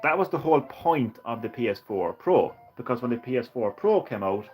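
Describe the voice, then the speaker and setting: A man talks casually to his stream viewers, ranting and swearing freely. His voice sits at an ordinary pitch. Faint music plays behind him. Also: animated, brisk, a little mellow. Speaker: gaming streamer. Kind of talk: casual live-stream chat.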